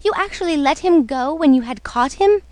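A woman's voice: high voice, animated, fairly quick, a little mellow, no echo, voice pushed up. A woman voicing a greedy, scolding old peasant wife in a storybook reading, with a scornful, haughty manner.

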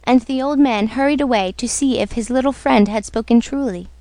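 A woman narrating a storybook on radio in a slow, measured way. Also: a little high, mellow, no echo. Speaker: story reader.

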